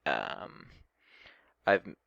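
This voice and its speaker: A man's voice: drawn-out words, pushed and bright, dry recording, highs cut off. A man casually commenting on a video in a hesitant way, with many ums and restarts. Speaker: reaction video host.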